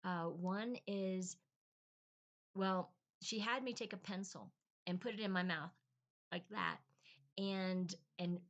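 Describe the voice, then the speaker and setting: A middle-aged woman telling a casual, rambling personal story with many ums and restarts, on a quiet, poor-quality recording. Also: on the low side. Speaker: vlogger, language encourager. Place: lives in Bolivia.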